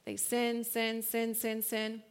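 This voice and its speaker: A woman in her thirties giving a casual, slangy church talk, laughing often and swinging from hushed to loud. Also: fairly high pitch, completely flat delivery, takes it slowly, clear, resonant tone. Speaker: speaker at a church gathering.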